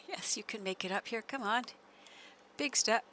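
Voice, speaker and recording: A woman's voice: a little high, measured pace, bright, forceful tone, slight background noise. A woman streamer giving chatty live gameplay commentary, laughing often and coaxing her horse along.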